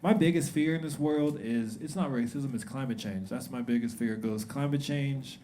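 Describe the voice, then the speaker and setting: Speaking at a normal speed in a mid-range voice, a young comic does a loose, chatty set in a club, acting out quotes and laughing along with his own material. Loud audience laughter and crowd noise fill the live recording.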